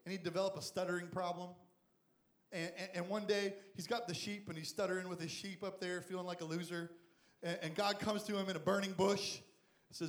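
Youth pastor, male, high voice, lively and comic storyteller from the pulpit, echoey room. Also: a little fast. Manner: animated, jokey, voices the characters. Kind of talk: lively sermon with acted-out Bible characters.

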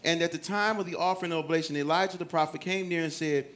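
Man preaching, high voice, bright tone, dramatic, reads scripture aloud. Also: fairly even intonation, fast. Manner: dramatic, shifts between loud exclamation and low scripture reading. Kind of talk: sermon.

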